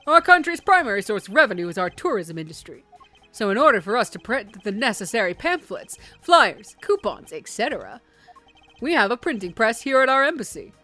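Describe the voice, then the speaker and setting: A woman's voice: a little high, big pitch swings, fairly quick, pushed and bright, soft background music. A woman voicing a formal, stately male ambassador from a game who speaks in a dignified way. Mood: explaining. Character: formal middle-aged male ambassador, proud of his small nation.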